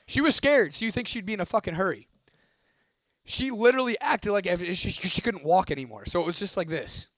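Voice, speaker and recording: Swearing liberally and keeping things lively, a young host briskly tells his audience a creepy tale and reads out a viewer's comment. He has a slightly high male voice, and the audio is close and dry, free of room reverb.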